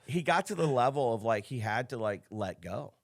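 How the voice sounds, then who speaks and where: A male business coach in his thirties, from the Chicago area, speaks at a moderate pace with medium pitch. Guesting on a casual podcast interview, he tells stories animatedly and acts out the dialogue he quotes.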